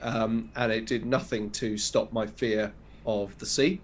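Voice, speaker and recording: A man's voice: fairly low pitch, fairly even intonation, measured pace, a little hiss or hum. A man co-hosting a podcast, chatting casually and rambling through a rundown of video games. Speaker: podcast co-host. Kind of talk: casual chat.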